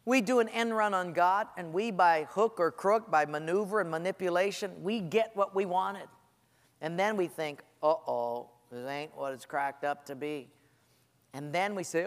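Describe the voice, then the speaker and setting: Animated high-voiced preacher in a hall. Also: male voice, normal speed. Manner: animated storytelling, acting out voices of people praying. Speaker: pastor. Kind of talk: sermon.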